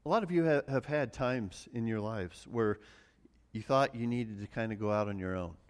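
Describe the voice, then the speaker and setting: A middle-aged man preaching a relaxed sermon, mixing farm stories with scripture in a conversational, self-deprecating way. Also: fairly low pitch, normal speed, clean tone. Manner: conversational, many restarts and fillers, chuckles at himself. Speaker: pastor. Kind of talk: casual sermon with personal stories.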